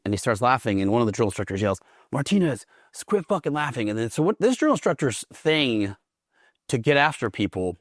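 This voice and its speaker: A man's voice: mid-range voice, dry recording. Man from Oklahoma, casual guest storyteller, swears a lot, laughs often, dry close sound. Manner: profane, laughs while telling stories. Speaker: guest veteran.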